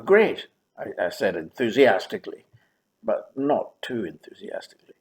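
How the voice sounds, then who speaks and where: A man in his seventies telling his own story in a wry, dryly humorous way, with pauses and drawn-out words. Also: fairly low pitch, animated. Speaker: memoir narrator. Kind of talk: reflective first-person storytelling.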